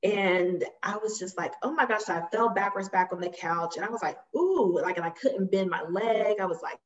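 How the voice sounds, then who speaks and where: A woman telling a personal story on a podcast in a casual, animated way, acting out quotes and laughing often. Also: lowish voice, moderate pace. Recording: slightly dull lo-fi sound.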